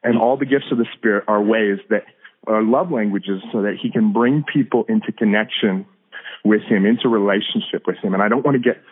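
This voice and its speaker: A man, likely in his thirties, telling a faith story as a guest in a casual interview, animated and quick to laugh. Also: on the low side, breathy edge. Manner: animated, laughs often, repeats words. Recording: phone-like narrow band audio.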